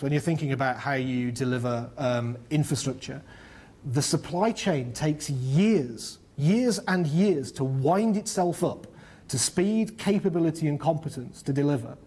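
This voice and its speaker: A man's voice: medium pitch, darkish tone, slightly rough. A middle-aged man from northern England, speaking at a panel discussion, fluent but full of ums and restarts. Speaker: panel speaker on business and infrastructure. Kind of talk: explaining at a public discussion.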